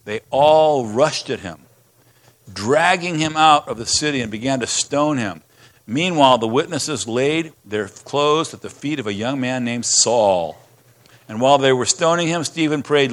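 A man's voice: mid-range voice, lively intonation, moderate pace, fairly bright tone. A man preaching a sermon as pastor, reading scripture aloud with passion and emphasis.

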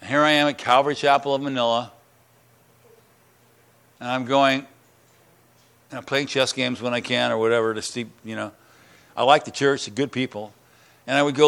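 An earnest middle-aged man preaching a sermon to his church. He talks at an ordinary pitch with a plain, everyday voice, often repeating a word as he goes. His voice climbs and gets louder when he stresses a point. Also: fairly even intonation, moderate pace, gravelly, long pauses, clean tone. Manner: earnest, repeats words, rising emphatic voice on key lines. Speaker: pastor. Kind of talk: sermon and prayer.

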